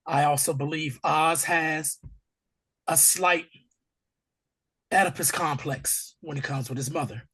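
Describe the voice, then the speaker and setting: Husky, hoarse man recapping a TV episode. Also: fairly high pitch, unhurried, pauses often. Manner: animated, acts out scenes in character voices. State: hoarse from allergies. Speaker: podcast host. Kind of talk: casual TV episode recap chat.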